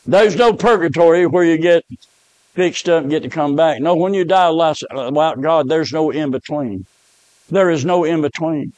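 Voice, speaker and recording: A man preaching an impassioned revival sermon, swinging from hushed lines to shouted repetitions. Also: fairly high pitch, moderate pace, no room sound, low-quality recording.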